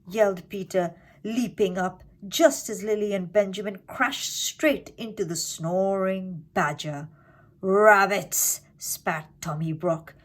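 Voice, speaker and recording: A woman narrating a children's storybook with an expressive, animated reading. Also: mid-range voice.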